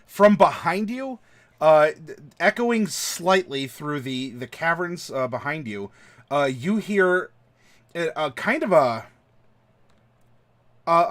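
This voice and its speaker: A man narrating as game master of a tabletop game, laughing often and stumbling over his words as he describes the scene. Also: on the high side. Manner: animated, laughing, halting restarts.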